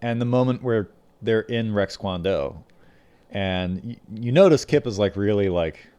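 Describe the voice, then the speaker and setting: A man's voice: on the low side, expressive, measured pace, mellow, clean tone. A man co-hosting a podcast, casually retelling behind-the-scenes anecdotes about a film, slipping into quoted voices. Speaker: podcast co-host. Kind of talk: casual chat.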